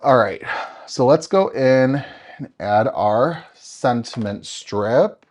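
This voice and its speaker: Man, lively up-and-down pitch, chatty live-stream crafting host, upbeat. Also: takes it slowly. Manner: chatty, upbeat, talks to viewers by name while working. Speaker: card-making tutorial host.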